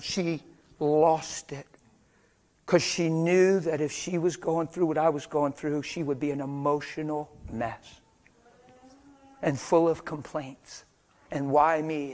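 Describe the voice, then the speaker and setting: Passionate male preacher, loud to hushed. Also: a little high, steady tone, measured pace. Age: middle-aged. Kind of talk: sermon.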